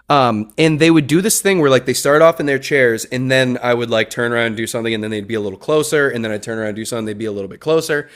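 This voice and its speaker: A man hosting a casual podcast, telling classroom stories in an animated way and acting out his own quotes. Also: medium pitch. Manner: animated storyteller, acts out quotes. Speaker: podcast host.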